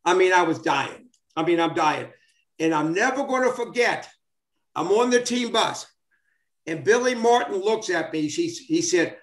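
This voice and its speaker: With an animated, high-pitched voice at normal speed, a man in his seventies, a former baseball player on as a guest, spins old sports stories casually. He rambles, using lots of fillers and frequent restarts, in a recording with roomy echo.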